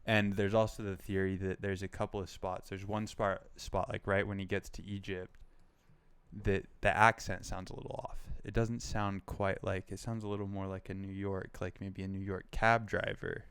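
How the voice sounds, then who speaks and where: A young man rambles through casual pop culture chat, peppering every thought with "like" and "um". His voice sits low and stays flat. The sound is smooth and dry, close to the mic. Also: moderate pace, no room sound. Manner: rambling, heavy use of "like" and "um". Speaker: podcast co-host.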